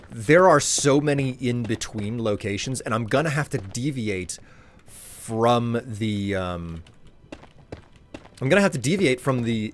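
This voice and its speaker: A man's voice: mid-range voice, slight background noise. A male streamer talking casually to his chat while gaming, rambling and friendly toward viewers. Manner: rambling, chatty, warmly addresses viewers.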